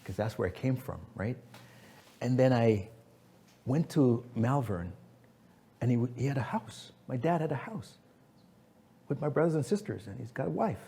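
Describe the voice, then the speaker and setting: A man's voice: mid-range voice, moderate pace, gravelly, long pauses. Emphatic man in his fifties. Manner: emphatic, animated storyteller acting out quotes. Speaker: guest speaker, business founder. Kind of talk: fireside chat on stage.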